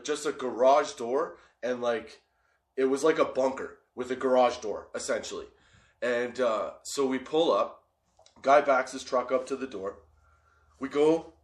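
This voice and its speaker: A man's voice: medium pitch, fairly bright tone, roomy sound. A man telling a wild story in casual talk, swearing, laughing often and checking in with "okay?". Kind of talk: casual anecdote.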